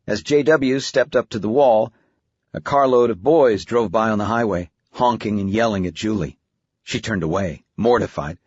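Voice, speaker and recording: Husky male audiobook narrator. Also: lowish voice, no room sound. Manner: even, measured storytelling. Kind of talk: scripted narration. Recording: dull, muffled audiobook recording.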